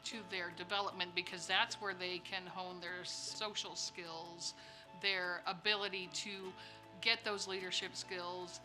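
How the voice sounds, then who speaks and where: A woman's voice: lowish voice, level tone, measured pace. A woman on the school staff speaking earnestly in an interview. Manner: earnest, heartfelt. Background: background music.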